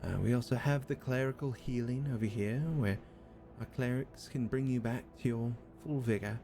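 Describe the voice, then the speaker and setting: A man's voice: mid-range voice, normal speed, dark tone, soft background music, natural voice. A man voicing a courteous elven woman who works at a spa, showing guests around with rambling tour-guide patter. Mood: welcoming.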